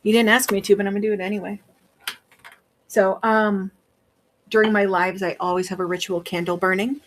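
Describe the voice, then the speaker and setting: A woman's voice: mid-range voice, level tone, brisk, background noise. A woman with a Wisconsin accent chatting casually on a livestream as a seller, rambling with many fillers. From Wisconsin, USA.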